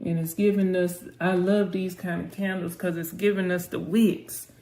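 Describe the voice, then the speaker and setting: Her warm, lowish voice shows little pitch movement and moves at normal speed as she hosts a live trading session. She announces prices and coaxes the chart with brief prayers and affectionate words, against a roomy echo and faint music.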